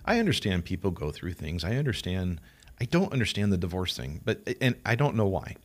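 Male guest, low voice with very animated pitch, earnest and sentimental. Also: brisk. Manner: earnest, sentimental, laughs a lot. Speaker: guest, café co-owner. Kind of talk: casual interview chat.

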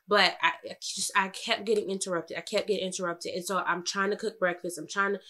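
A young woman with a bright, clear tone chats in a relaxed way. She tells her story with animation and acts out both sides, and her voice often jumps high when she is exasperated. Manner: animated storytelling, quoting her husband, rising to high exclaims. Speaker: podcast co-host. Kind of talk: casual chat.

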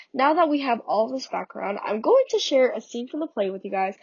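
A woman's voice: fairly high pitch, breathy edge, no room sound. A young woman hosting a podcast, reading an earnest scripted summary of a play, with small restarts, on a slightly muffled recording. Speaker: podcast host.

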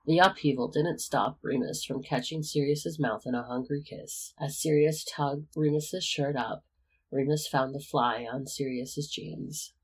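A reader narrating a romantic fan fiction story in a steady, even manner. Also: medium pitch, unhurried, slightly rough, rough recording. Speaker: audiobook reader. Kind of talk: reading fan fiction aloud.

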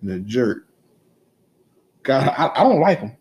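A man in his thirties co-hosting a casual podcast chat, telling animated, teasing stories about his kids with plenty of profanity. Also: medium pitch, measured pace. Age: 30s. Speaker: podcast co-host.

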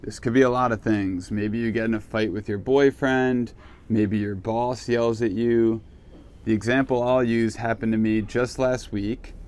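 A man's voice: fairly low pitch, a little mellow. A man giving a casual, reflective self-help monologue, candid and swearing freely. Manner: candid, swears casually, acts out his own reactions.

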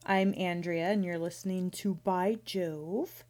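A woman's voice: lowish voice, steady tone, a little slow, a little mellow. A woman in her thirties hosting her own podcast, chatting casually and playfully, rambling with restarts. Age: 30s. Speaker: podcast host. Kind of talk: casual solo podcast chat.

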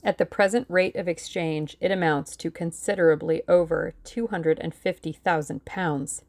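A woman reading as a measured, dry older lawyer. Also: fairly low pitch, fairly even intonation, a little mellow, dry recording, natural voice. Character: shrewd older male lawyer, calm and commanding.

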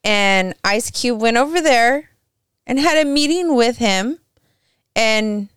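Slow-talking woman podcast co-host. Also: fairly high pitch, fairly bright tone, clear, resonant tone, dry recording, studio quality. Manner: slow, searching for words, rambling. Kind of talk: casual political chat.

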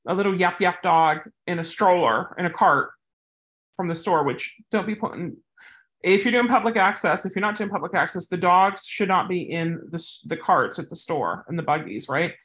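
A woman's voice: fairly low pitch, moderate pace, fairly bright tone. Chatty woman rambling through dog advice. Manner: rambling, goes off on tangents, chatty. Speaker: service dog handler answering viewer questions. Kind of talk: casual advice vlog.

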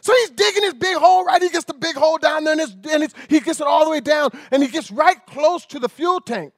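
A man preaching a sermon as an animated, rambling storyteller. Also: very high voice, fast talker, no echo, clean studio sound.

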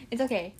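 A young woman in casual chat as co-host, rambling, giggling often and losing her train of thought. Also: mellow.

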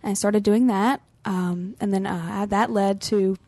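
A chatty woman tells a story among friends in a studio, laughing often and acting out quoted lines. Her voice sits at a middle pitch and sounds close and dry, with no room around it. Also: steady tone, unhurried, a little mellow, dry recording. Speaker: podcast team member. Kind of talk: casual storytelling chat.

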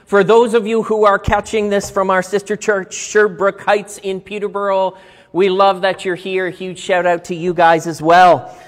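A man's high voice, steady in pitch and at normal speed, carries a sermon full of chatty, upbeat stories told directly to his church congregation. The sanctuary gives the recording a long, echoing reverb.

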